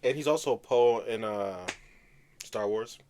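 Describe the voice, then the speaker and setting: A man's voice: medium pitch, a little slow, darkish tone, slight background noise. A young man co-hosting a podcast, chatting casually in a laid-back, rambling way with slang. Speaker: podcast co-host. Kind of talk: casual chat.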